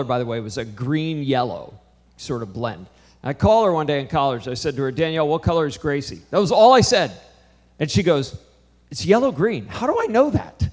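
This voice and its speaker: A middle-aged man in a casual conversation, sharing a story about his family. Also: fairly high pitch. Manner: chatty, anecdotal.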